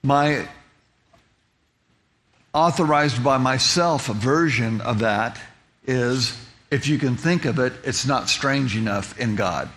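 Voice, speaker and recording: A man's voice: medium pitch, slow, long pauses, a bit bright, slight background noise. A man telling a personal testimony as a story, with many restarts and repeated words, lingering on vivid details. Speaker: speaker giving a personal testimony.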